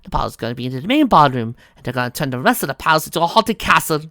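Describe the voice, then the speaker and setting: Woman narrator, low for her sex, lively and bright, snarky commentary between passages. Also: very fast, no echo, studio quality. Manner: sarcastic asides. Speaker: fan fiction reader. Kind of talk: dramatic reading with commentary.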